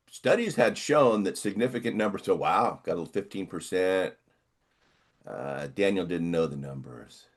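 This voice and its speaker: An older man co-hosting a relaxed podcast chat. He talks unhurriedly, pitch rising and falling with animated range. He rambles, stopping and starting as he reads pieces aloud. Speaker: podcast co-host. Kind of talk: casual chat.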